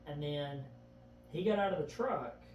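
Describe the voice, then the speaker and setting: This podcast guest's fairly high voice comes through muffled as he recounts events at a measured pace, often starting with "I remember." The chat is casual but he tells it earnestly and vividly, recorded from a distance in an echoey room with a faint background hum.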